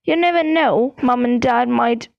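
A woman's voice: a little high, measured pace, vocal fry, no echo. Brief: blunt fierce schoolboy, read by a woman, close dull lo-fi sound. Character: loyal fierce teenage schoolboy.

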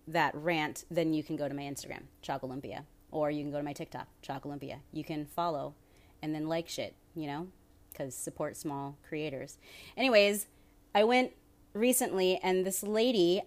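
Rambling, foul-mouthed podcast host woman. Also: low-pitched. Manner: rambling, profane, self-interrupting tangents. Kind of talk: casual solo podcast chat.

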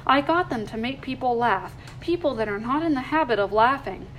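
A woman's voice: on the high side, expressive, fairly quick, slight background noise. A woman voicing a cheerful, kind-hearted young lady. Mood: gay. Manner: bright, gay.

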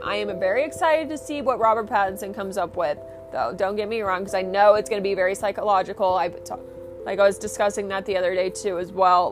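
A young woman hosting her own podcast, rambling and swearing through a casual, enthusiastic rant. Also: medium pitch. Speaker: podcast host.

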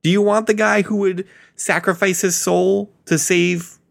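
This is a relaxed man co-hosting a casual comics chat. He leans on fillers like "like" and "I mean". His voice sits a little higher than most men's. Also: a little slow, creaky. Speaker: podcast co-host.

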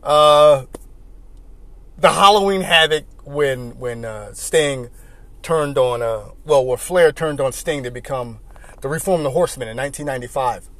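A man hosting casual commentary and telling animated stories with frequent laughter. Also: medium pitch, unhurried. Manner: animated storytelling, laughing often. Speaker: host.

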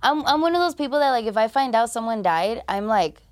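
A woman's voice: on the high side, expressive, brisk. A young adult woman, a podcast guest, telling her own story candidly in blunt, profane, casual speech full of "like". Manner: blunt and profane, heavy use of "like".

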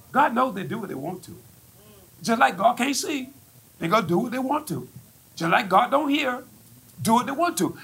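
A man pastor delivering a fiery sermon in a strikingly high voice with a gravelly edge. His pitch swings widely as he repeats his points with emphasis and climbs into shouts. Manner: emphatic, repetitive, rising to shouts. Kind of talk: fiery preaching sermon with congregation call-and-response.

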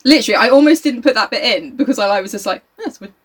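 A woman's voice: fairly high pitch, expressive, very fast. A woman casually chatting as a co-host, recapping a novel, laughing often and swearing. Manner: laughs often, swears, reads passages aloud. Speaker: podcast co-host.

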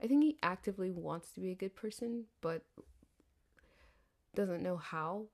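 A woman's voice: lowish voice, normal speed, a little mellow. A woman in her thirties rambling candidly in a podcast monologue. She swears freely and laughs often. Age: 30s. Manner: candid, profanity-laced, chatty with frequent laughs. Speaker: podcast host.

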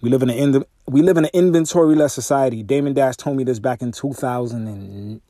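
Male podcast host, mid-range voice, dry close-mic sound, animated profane storytelling. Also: a little fast, no room sound. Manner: animated storytelling, swearing, voice jumps high when exasperated. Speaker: podcast host and music artist. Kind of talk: casual solo podcast monologue. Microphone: podcast microphone through a mixer.

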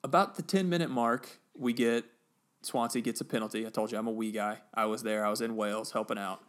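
A man on a podcast, casually retelling a football match with animated bursts of excitement. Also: lowish voice, fairly quick. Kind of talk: casual storytelling chat.

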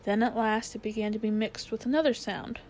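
A woman narrating a children's novel aloud with expressive storytelling, lowering her voice for suspense. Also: fairly quick.

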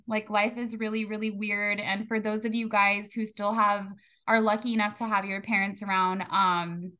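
A woman hosting a podcast, grieving and talking candidly in a casual, animated way, swearing freely. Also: mid-range voice. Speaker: podcast host. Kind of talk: casual conversational storytelling.

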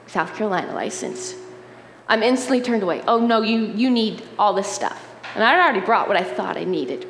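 A woman's voice: mid-range voice, a little hiss or hum. Woman preaching in an echoey hall. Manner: conversational, animated storytelling with frequent "right?" asides. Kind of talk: sermon with personal story. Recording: roomy hall reverb, faint ambience.

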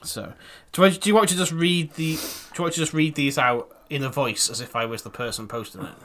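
A man's voice: a little high, steady tone, fairly quick, a bit bright, slight background noise. A man co-hosting a comedy podcast, talking in casual banter, laughing often and swearing freely. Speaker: podcast co-host.

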